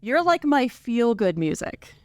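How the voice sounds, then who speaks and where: A woman's voice: on the high side, sing-song, dry recording, clean studio sound. Bubbly Midwestern woman radio host. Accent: Midwestern with a slight Southern lilt. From American Midwest. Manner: gushing, playful, quick to laugh. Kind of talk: upbeat radio interview.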